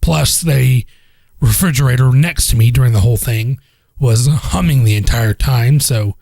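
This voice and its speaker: A young man hosts a casual home cooking vlog in a kitchen, speaking at a normal speed in a mid-range, warm voice with vocal fry. He rambles, jokes, and swears, recorded on a lavalier mic with a fridge humming in the background.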